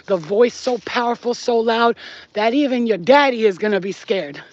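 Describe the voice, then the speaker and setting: A woman's voice: on the high side, moderate pace, no room sound, highs cut off. A woman hosting a spiritual channel, talking casually to camera in a blunt, emphatic and profane way.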